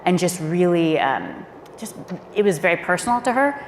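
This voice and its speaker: A woman's voice: lowish voice, very animated, normal speed, slight background noise. A woman, a former speechwriter, telling stories on a panel in a candid, emphatic way. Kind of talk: panel discussion storytelling. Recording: echoey hall with faint ambience.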